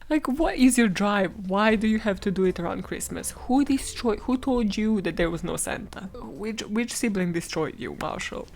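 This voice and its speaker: A woman hosting a solo podcast, telling a crime story with sarcastic, swearing asides. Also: mid-range voice. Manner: animated, swearing, sarcastic asides, frequent laughs. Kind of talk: comedic true-crime monologue.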